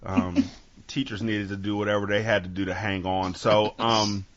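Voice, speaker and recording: A man from Sacramento hosting a podcast, telling stories with lively acted-out quotes and casual swearing, on dull lo-fi audio. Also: fairly low pitch, moderate pace. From Sacramento, California. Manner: animated storytelling, acts out quotes, swears freely. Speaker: podcast host. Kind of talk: casual chat.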